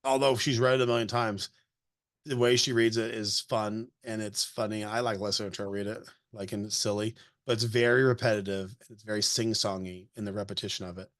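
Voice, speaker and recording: A man's voice: on the low side, steady tone, a little fast, fairly bright tone, dry recording. Guy giving writing feedback, reads bits aloud kinda sing-songy, dry close sound. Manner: reads in a sing-song storybook lilt, breaks off for plain comments. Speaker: manuscript critic. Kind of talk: reading aloud and critiquing a manuscript.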